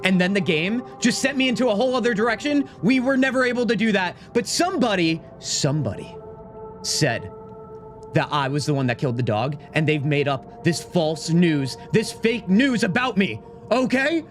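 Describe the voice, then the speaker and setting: A man live-streaming a game, chatting with his viewers in an animated, mock-indignant, joking way into a desk microphone. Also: sits high, normal speed, soft background music. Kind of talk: casual gaming live stream, talking to chat.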